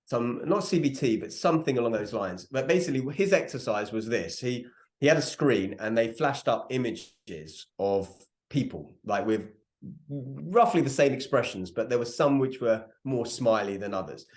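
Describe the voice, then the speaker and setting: A man's voice: mid-range voice, lively intonation, moderate pace, a little mellow. A man co-hosting a podcast, talking casually and earnestly with loose fillers. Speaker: podcast co-host. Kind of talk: casual chat. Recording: roomy echo.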